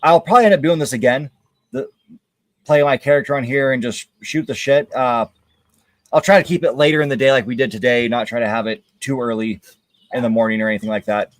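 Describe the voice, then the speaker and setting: A man's voice: medium pitch, a little fast, no echo. A man hosting a casual gaming livestream, talking candidly and rambling with many hesitations and restarts. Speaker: livestream gamer host. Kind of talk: casual chat while gaming.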